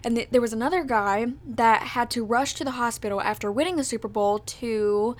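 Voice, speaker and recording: A woman in her twenties hosts a podcast, chatting in a casual, bubbly way packed with "like" and "literally." Her voice sits on the high side and she speaks briskly.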